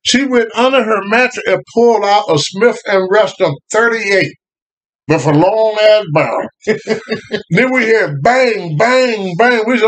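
An older man with a drawl tells a tale from his childhood. His voice sits a bit high for a man, and he talks in animated bursts. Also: a little slow. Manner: animated, laughing, rising to shouts at the climax. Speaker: storyteller guest. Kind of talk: casual storytelling.

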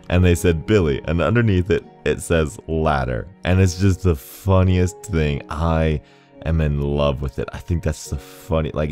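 Very deep-voiced man chatting over gameplay. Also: a little mellow. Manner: chatty, rambling, laughs often. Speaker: gaming video host. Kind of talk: casual gameplay commentary. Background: faint game music.

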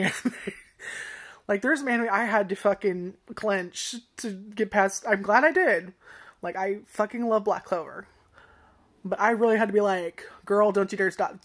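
A woman chats casually about a cartoon series she has just started. She rambles, swears freely and laughs at her own jokes, in a mid-pitched everyday voice. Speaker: anime reviewer. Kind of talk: casual chat.

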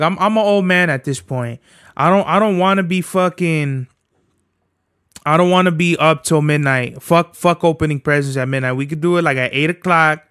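A man's voice: on the high side, a bit bright, clear, resonant tone, no room sound, studio quality. A man hosting his own podcast from home, chatting in a rambling, profane, slang-heavy way. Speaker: podcast host. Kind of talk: casual solo podcast chat.

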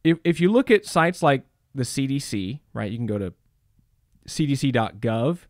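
A man's voice: medium pitch, animated, normal speed, a little mellow, dry recording, studio quality. A middle-aged man preaching to a church audience, emphatic, with rhetorical questions and many fillers. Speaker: church speaker. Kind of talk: preaching talk.

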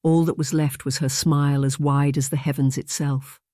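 An audiobook narrator reading a historical romance in steady, measured scripted narration. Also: medium pitch, dry recording, clean studio sound.

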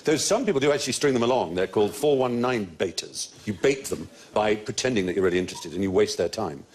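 A man's voice: lowish voice, expressive, fast talker, a little hiss or hum. Wry, erudite male quiz host. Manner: erudite, wry, playful teasing. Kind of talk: comedy panel show hosting. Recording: loud studio audience laughter.

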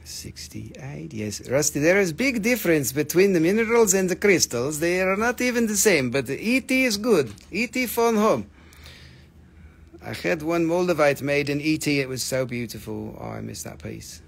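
Excited man selling minerals live. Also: fairly high pitch, normal speed, vocal fry, hardly any pauses. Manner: animated, reads chat comments aloud, bursts into excited shouts. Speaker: live-stream mineral seller. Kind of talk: live-stream sales chat.

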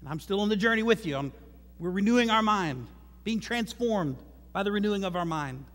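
A man's voice: sits high, expressive, a little fast, a bit bright. A man preaching a sermon as pastor in a church, conversational, with joking asides. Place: church sanctuary. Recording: long hall reverb.

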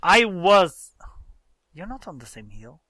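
Slow, lively man grumbling through a game. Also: sits high, dry recording, clean studio sound. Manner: exasperated, exclaiming, explaining game mechanics. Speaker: gaming channel host. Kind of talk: casual let's-play chat.

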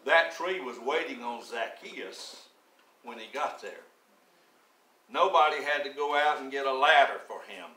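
A man in his seventies delivers a sermon at an unhurried pace. His bright, forceful voice climbs into emphatic declarations. The sound is roomy and echoey, as if picked up in a church sanctuary from some distance off the mic. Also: mid-range voice, lively intonation. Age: 70s. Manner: slow, deliberate storytelling that swells into emphatic preaching. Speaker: preacher.

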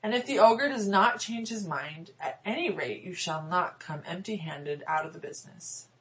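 A small, clever farmer's daughter with a brisk, self-assured way of speaking, read by a woman. Her lines lift a little above the narration, quick and decided, in a storybook telling. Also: lowish voice, animated, noisy background, lightly acted.

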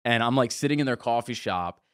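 A man's voice: mid-range voice, a little fast, smooth, no room sound, studio quality. A young man who is a musician and church worker, chatting as a guest in a casual interview and telling stories with acted-out quotes. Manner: relaxed storyteller, acts out quotes.

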